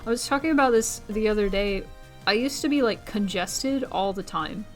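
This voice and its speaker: A young woman streamer chatting casually with viewers, rambling from one thought to the next and jumping into a squeaky high voice when she quotes someone. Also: moderate pace, soft background music.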